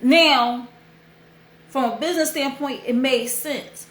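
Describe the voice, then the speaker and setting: A young woman hosts a laid-back livestream, telling a story with open emotion in a fairly high, slow, somewhat bright voice. Her delivery is chatty and heartfelt, and she keeps returning to repeat what matters. The room sounds spacious, with a noticeable echo around her.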